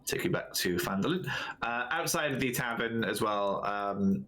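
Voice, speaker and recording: A man's voice: mid-range voice, lively intonation, moderate pace, a crowd in the background, poor audio. A man narrating as dungeon master in a casual tabletop game, restarting his sentences as he goes. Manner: rambling, restarts and laughs while narrating.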